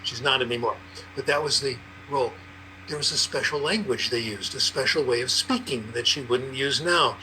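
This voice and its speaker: Bright-voiced older man telling stories. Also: medium pitch, normal speed, a little hiss or hum, poor audio. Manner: anecdotal, lively storyteller. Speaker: panelist, language researcher. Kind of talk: conversational explanation.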